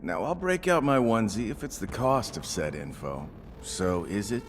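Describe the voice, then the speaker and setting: A man's voice: fairly low pitch, sing-song, normal speed, slight background noise. A man voicing a cocky, laid-back young man with a sarcastic drawl in an anime dub. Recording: music score behind.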